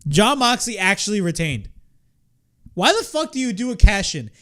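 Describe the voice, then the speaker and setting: Exasperated young man ranting, high and lively. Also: moderate pace. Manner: exasperated, profane, repeats himself. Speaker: wrestling reaction host. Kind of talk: ranting watch-along commentary.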